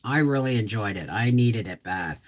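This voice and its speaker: A woman's voice: extremely low pitch, animated, moderate pace. A middle-aged woman hosting a casual homestead livestream, rambling chattily and greeting viewers by name, her voice a little off. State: voice slightly off.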